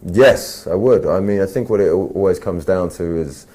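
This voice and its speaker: Young English male, very low, mellow voice, slow and laid-back delivery. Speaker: actor interviewee. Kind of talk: casual interview.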